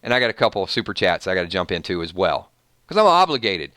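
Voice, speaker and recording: A man with a Southern US twang hosts a livestream and rants emphatically at his viewers. His voice is bright and forceful, smooth and crisp. It sounds dry and close. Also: low-pitched, sing-song, fast, no echo. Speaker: YouTube channel host. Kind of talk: livestream commentary and ranting.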